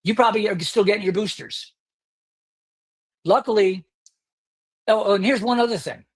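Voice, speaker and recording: A man from the United States hosts his own podcast, giving an indignant, sarcastic solo rant. His voice is high-pitched and husky, moving at a normal speed.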